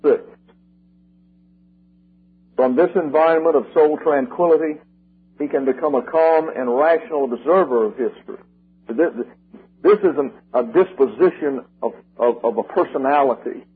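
An older man preaching a sermon, working through numbered points and repeating key slogans slowly and with emphasis, with a husky voice. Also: on the high side. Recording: tinny lo-fi radio broadcast.

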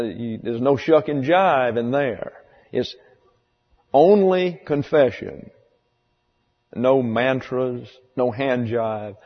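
A pastor giving a conversational sermon, repeating key phrases for emphasis. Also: male voice, medium pitch. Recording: dull lo-fi sound with long hall reverb.

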